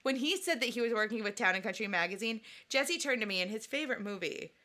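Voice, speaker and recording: A woman co-hosting a podcast in casual chat, animated and jokey, often acting out quotes from the film. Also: fairly high pitch, quick pace. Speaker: podcast co-host.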